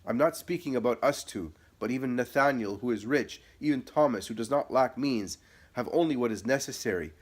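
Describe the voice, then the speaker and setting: A man's voice: lowish voice, normal speed, close to an everyday voice. A man reading the part of an earnest apostle pleading with his cousin to beware of a false friend. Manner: impassioned, pleading.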